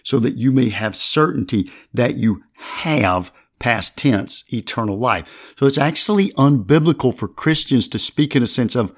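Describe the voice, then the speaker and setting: A mid-pitched male podcast host teaching from the Bible. He works through each passage step by step and reads verses aloud with their chapter and verse. His delivery is conversational and explanatory. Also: lively intonation, normal speed, hardly any pauses. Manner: reads scripture aloud with references.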